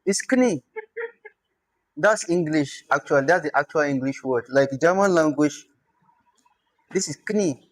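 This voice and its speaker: A man teaches a language lesson, his voice sitting a bit high for a man. He explains patiently and goes over words one by one, repeating them. The sound is dry and close. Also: normal speed, no room sound. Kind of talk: classroom lesson.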